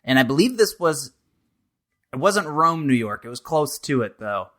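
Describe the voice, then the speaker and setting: Bright-voiced man telling a story. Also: medium pitch, normal speed. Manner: animated, laughing storyteller. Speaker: wrestler guest. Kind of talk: casual storytelling.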